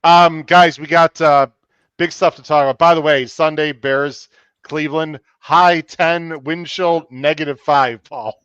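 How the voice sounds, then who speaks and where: A man's voice: on the high side, steady tone, unhurried, a bit bright, clear, resonant tone, no echo, muffled recording. A man hosting a live-streamed podcast, chatty and upbeat, reading out viewer comments between topics. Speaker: podcast host.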